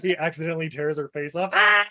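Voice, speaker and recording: A man's voice: on the high side, moderate pace. A man co-hosting a casual podcast chat, laughing often and joking crudely. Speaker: podcast co-host.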